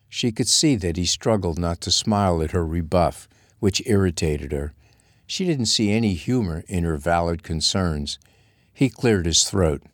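A man reading a Western romance novel aloud as narrator, steady and measured, close to the mic. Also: deep voice, no echo. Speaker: audiobook narrator. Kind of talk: scripted narration.

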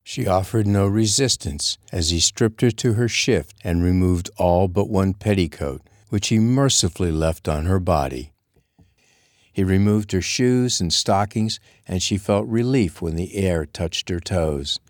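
A man reading a romance novel aloud as narrator, in a steady, measured way. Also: low-pitched, no echo, studio quality. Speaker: audiobook narrator. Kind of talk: scripted narration.

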